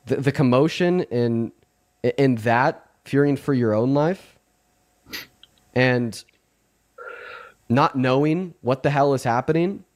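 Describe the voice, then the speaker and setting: Guy hosting a stream, earnest, keeps restarting his sentences, mid-pitched voice. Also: slow pace, pauses often, a little mellow. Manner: earnest, repetitive, many restarts. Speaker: livestream host. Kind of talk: livestream commentary.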